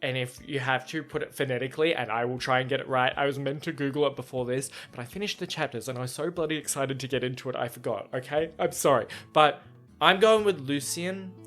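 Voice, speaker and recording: An excitable, chatty man reacting to a book he reads aloud, with a bright, forward voice. His delivery is casual. Faint guitar music plays softly behind him. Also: medium pitch, quick pace, hardly any pauses. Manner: excitable, chatty, laughs often.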